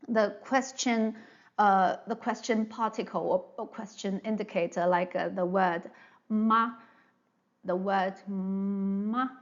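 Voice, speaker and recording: On a muffled recording, a woman with a mid-range voice teaches Mandarin pronunciation in a slow online session. She checks in often with "all right?", repeats herself patiently, and draws sounds out to model them.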